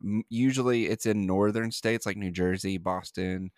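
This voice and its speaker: Low-voiced man hosting a casual podcast. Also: steady tone, moderate pace, darkish tone, dry recording, clean studio sound. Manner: rambling, with many fillers and restarts. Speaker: podcast host.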